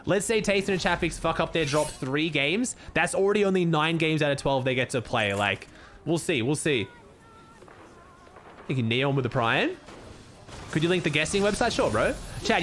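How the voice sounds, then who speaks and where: A man's voice: on the high side, a bit bright, a little hiss or hum. A young Australian man streaming casually, laid-back and cursing freely as he thanks viewers and comments on the game.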